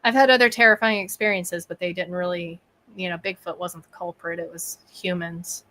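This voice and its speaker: A woman, a guest on a podcast, telling a story with lively energy and acting out her own thoughts and quotes. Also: lowish voice, normal speed. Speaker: bigfoot researcher and podcast guest.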